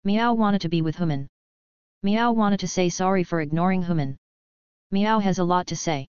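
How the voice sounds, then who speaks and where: A woman's voice: on the low side, normal speed, darkish tone, clear, resonant tone, dry recording, natural voice. A woman reading as a childish black cat creature. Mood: sad. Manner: talks of itself in third person, broken speech. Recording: dull lo-fi audio.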